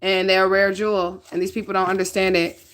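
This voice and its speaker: Fast and fairly bright, her mid-range voice barely moves in pitch as she reads tarot casually. This northern U.S. woman is blunt and profane, often pausing on "okay?", with slight noise in the background.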